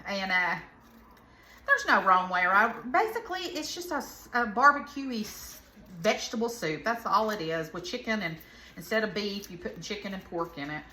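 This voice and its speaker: Southern woman, home cooking vlog, bright voice, rambling chatty asides, echoey kitchen. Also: medium pitch, lively intonation, normal speed, a little hiss or hum. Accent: Southern American. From American South.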